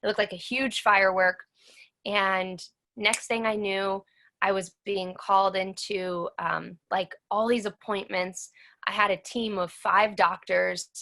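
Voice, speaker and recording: Woman in her 30s, interview guest, bright voice, earnest, does the other people's lines as she tells it. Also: mid-range voice, flat delivery, a little slow. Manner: earnest, acts out the dialogue of others. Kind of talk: personal storytelling interview.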